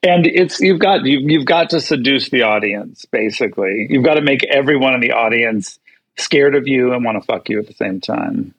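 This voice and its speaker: Drag queen guy being interviewed, theatrical and lively, totally dry sound. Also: mid-range voice, normal speed, husky, no room sound, dull audio. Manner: animated, theatrical. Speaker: guest, drag performer. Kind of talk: casual interview chat.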